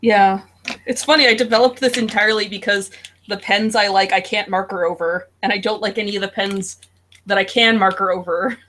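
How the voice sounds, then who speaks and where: A woman's voice: medium pitch, fairly even intonation, a little fast, fairly bright tone, slight background noise. A woman talking through her drawing session on a video call. She is chatty and loose, with plenty of "like" and "um" along the way. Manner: chatty, with fillers like "like" and "um". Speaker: artist in an online drawing group. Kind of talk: casual chat while drawing. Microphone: video call mic.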